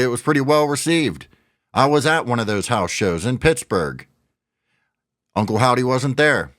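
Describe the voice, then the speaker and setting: A man's voice: fairly low pitch, a bit bright, no room sound, clean studio sound. A middle-aged man ranting in frustration about wrestling news, swearing often as he vents. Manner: frustrated, profane venting. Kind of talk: ranting commentary.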